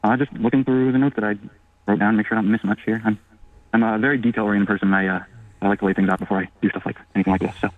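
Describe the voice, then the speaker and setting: A man in his early thirties calling in to an advice show, speaking quickly but haltingly, with a lowish voice. The sound is a tinny phone line, dry and close. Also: steady tone. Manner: hesitant, halting, many ums. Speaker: caller.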